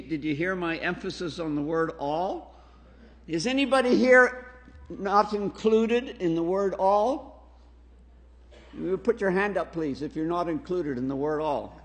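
A man preaching a sermon to a congregation. He reads scripture slowly and emphatically and keeps asking "Amen?". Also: sits high. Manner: slow, emphatic scripture reading with call-and-response "Amen?". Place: church hall. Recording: reverberant hall.

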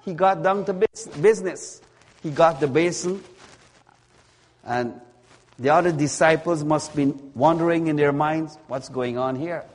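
A man delivers a sermon at a very slow, measured pace, stressing key words again and again. His voice sits a little higher than most men's. The sound carries a long reverb, as in a church hall. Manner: slow, deliberate preaching with emphatic repetition. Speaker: preacher.

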